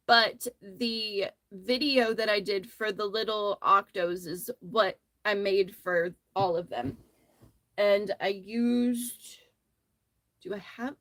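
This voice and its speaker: Woman host, chatty crochet livestreamer, mid-pitched, close dry phone mic; easygoing rambling storyteller. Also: fairly bright tone, no echo. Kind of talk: casual chat while crocheting.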